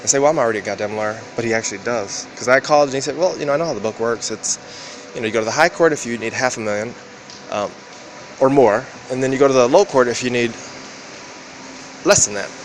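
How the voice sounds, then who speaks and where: A man vlogging in a rambling, profane monologue, acting out quoted exchanges with sudden jumps in pitch. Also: quick pace, slight background noise. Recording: loud background ambience.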